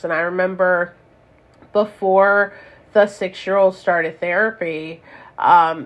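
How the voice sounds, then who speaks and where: Candid woman on a dull-sounding podcast. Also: lowish voice. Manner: candid, rambling, many "like" and "you know" fillers. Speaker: podcast host and parent. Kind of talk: casual solo podcast talk.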